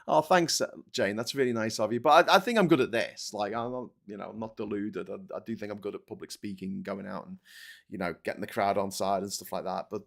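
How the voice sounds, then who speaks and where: A man's voice: on the low side, brisk, vocal fry, fairly bright tone. A man with a Liverpool accent hosting a live-stream political chat, ranting with stammering restarts and swearing. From England. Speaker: livestream host.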